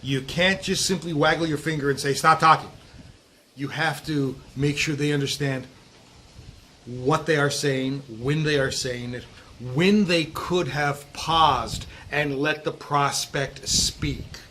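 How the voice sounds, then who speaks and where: A middle-aged man giving sales coaching to camera outdoors, talking emphatically with drawn-out stresses and dropping low at times. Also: a bit bright. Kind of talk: direct-to-camera coaching talk. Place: outdoors in a breezy warm place. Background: wind noise.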